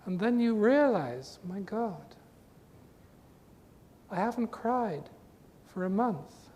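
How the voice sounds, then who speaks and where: A man giving an earnest spiritual talk to a group, with emphatic, repetitive phrasing, recorded in a reverberant hall with a faint rumble. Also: lively intonation, takes it slowly, mellow. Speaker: spiritual teacher.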